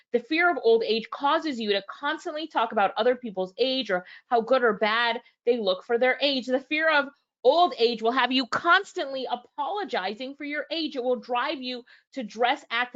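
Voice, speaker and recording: A woman's voice: a little high, a bit bright, dull audio. A woman reviewing a book live, reading passages aloud and talking straight to her viewers, acting out both sides of past conversations. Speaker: book reviewer and business owner.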